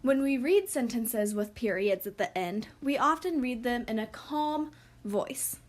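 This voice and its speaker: A woman teaching a recorded lesson, speaking slowly and clearly for young children. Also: a little high, expressive.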